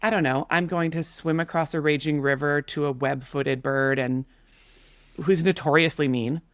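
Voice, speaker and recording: Animated woman telling a story, dry sound. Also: sits low, normal speed, no room sound. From Canada. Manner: animated, filler-heavy storytelling. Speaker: podcast guest. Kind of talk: casual storytelling.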